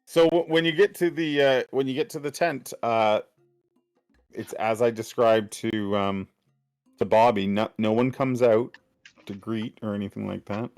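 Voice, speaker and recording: A man narrating a tabletop game as game master, describing scenes in a halting way with many fillers. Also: on the low side, faint music behind.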